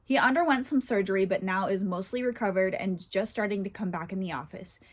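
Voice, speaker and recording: A woman's voice: medium pitch, a little fast. Chatty woman reading posts aloud. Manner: chatty, laughs often, animated asides. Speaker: horse channel host reading Reddit posts. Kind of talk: casual reading and commentary.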